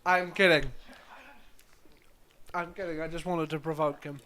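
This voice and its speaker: A man with a high voice trades casual review chat with a co-host. He teases and makes sarcastic jokes. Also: steady tone, a little slow, sharp tone. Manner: playful, teasing, sarcastic.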